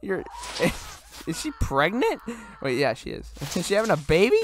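A young man casually commenting on a horror game he plays, loud, excitable, laughing and swearing. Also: sits high, normal speed, a little hiss or hum. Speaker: gaming host. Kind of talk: let's play commentary.

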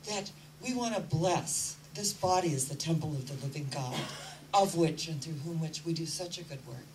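A woman's voice: lowish voice, recorded from a distance, a little hiss or hum, poor audio. A woman spiritual teacher giving an earnest inspirational talk and telling stories. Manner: earnest, storytelling.

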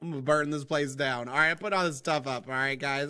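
A young man giving rambling, excitable commentary while playing a game, talking to his viewers as guys and boys. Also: on the high side, a little fast, hardly any pauses. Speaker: gaming video host. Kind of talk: casual let's-play commentary.

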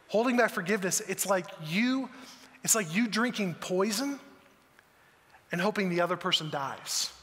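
Casting: male pastor, earnest conversational sermon, bright forceful tone, echoing church hall. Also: high voice. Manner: earnest, conversational preaching with rhetorical questions. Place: church auditorium. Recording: long church hall reverb.

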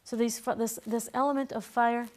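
Teacher, female, chatty and quick to laugh, fairly high voice, classroom feel. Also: fairly even intonation. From Boston, USA. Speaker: herbalism teacher. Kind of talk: casual classroom lecture.

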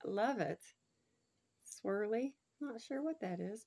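A woman, chatting casually and gushing excitedly as she unboxes a gift, laughing often. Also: medium pitch, takes it slowly, vocal fry. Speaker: unboxing vlogger.

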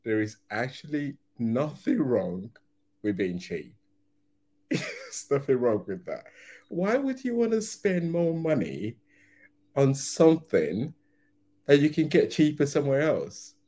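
A man's voice: mid-range voice, very animated, slow, long pauses, dark tone, slightly rough. A man hosting a reaction video, commenting casually on a comedy clip, often laughing and rambling through restarts.

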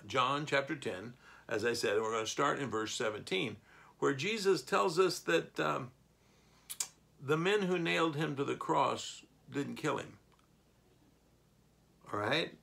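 A man with a gravelly, creaky voice leads a Bible lesson. His pitch sits in an ordinary middle range. He reads scripture aloud and breaks into loud, animated bursts to stress a point. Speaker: Bible teacher. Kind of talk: Bible teaching.

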